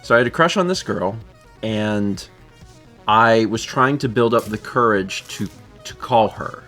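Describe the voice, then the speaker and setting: A man in his thirties, co-host of a casual live show, tells a story full of laughter and restarts. He is animated, and his voice climbs high when he quotes people. He speaks unhurriedly over soft background music.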